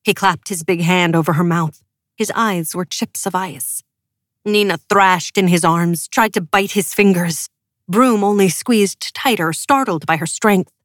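A woman's voice: fairly low pitch, measured pace, no room sound, studio quality. A woman narrating an audiobook with emotive, dramatic delivery. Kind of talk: scripted narration.

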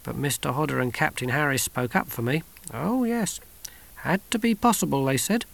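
A man's voice: medium pitch, normal speed, vocal fry, fairly bright tone. A man voicing a proud, rambling old grandfather in an audiobook reading. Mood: reminiscing. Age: older.

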